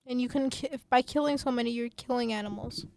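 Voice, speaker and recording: High-voiced passionate woman podcaster. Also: fast talker, creaky, slight background noise. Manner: passionate ranting, then reading a script more calmly; many fillers and restarts. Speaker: podcast host. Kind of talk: student radio podcast talk.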